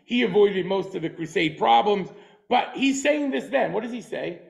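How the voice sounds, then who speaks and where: A man's voice: sits high, lively intonation, normal speed, creaky, rough recording. A man lecturing a class, emphatic and forthright, hammering points home with short repeated phrases and wry chuckles.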